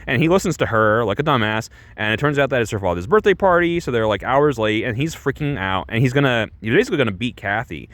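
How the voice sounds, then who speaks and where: A man's voice: mid-range voice, lively intonation, fast, hardly any pauses, a bit bright, no echo. A man giving a casual, rambling movie review, full of restarts and fillers, who swears freely.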